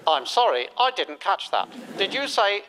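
A chirpy party leader's answerphone. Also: male voice, high-pitched, sing-song, normal speed, over a noisy crowd, heavy background noise. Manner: sing-song recorded-message delivery, stifling laughs. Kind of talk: satirical radio sketch. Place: studio before a live audience.

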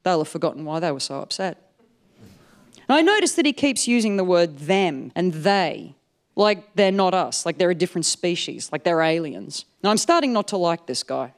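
Animated woman storyteller. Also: lowish voice, moderate pace. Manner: animated, wry, comic timing. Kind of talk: live storytelling performance.

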